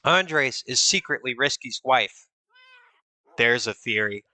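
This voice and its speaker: A man's voice: medium pitch, animated, slow pace, sharp tone, no echo. A man streaming a building game, counting blocks under his breath, reading chat aloud and teasing viewers with mock suspicion. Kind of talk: casual live-stream chat while playing.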